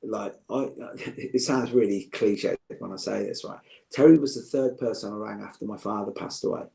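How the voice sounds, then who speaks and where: A man's voice: fairly low pitch, normal speed, creaky, warm tone. A middle-aged man, chatting as a podcast guest, joking and heartfelt by turns. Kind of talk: casual chat.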